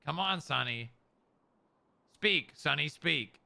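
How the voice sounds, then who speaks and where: A man streaming in-character role-play, coaxing and reassuring as he talks gently to a dog and a hurt friend. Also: fairly high pitch, animated, moderate pace, vocal fry.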